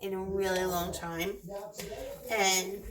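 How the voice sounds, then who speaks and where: A woman's voice: mid-range voice, flat delivery, slow pace, rough recording. A middle-aged woman working as a construction field manager, telling a story in a blunt, direct way in a casual vlog. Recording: crowd chatter in background.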